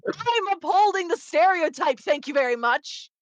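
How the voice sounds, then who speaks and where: A woman playing in a tabletop game, joking and excitable. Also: very high voice, moderate pace, lo-fi sound. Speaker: player.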